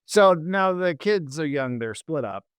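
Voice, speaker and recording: A man hosting a comedy podcast, retelling a history story casually with halting restarts. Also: fairly high pitch, expressive, clean tone, no room sound. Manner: halting, many restarts and fillers.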